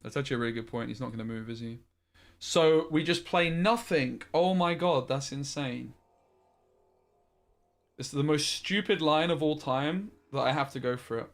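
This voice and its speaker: A man's voice: on the high side, moderate pace. A man streaming a card game, thinking aloud in a frustrated way and swearing often. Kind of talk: live-streamed gameplay commentary.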